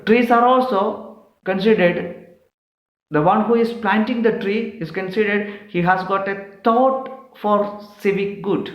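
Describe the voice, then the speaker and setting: A man teaching, explaining a poem point by point in a slow, methodical way. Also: high-pitched, echoey room, highs cut off.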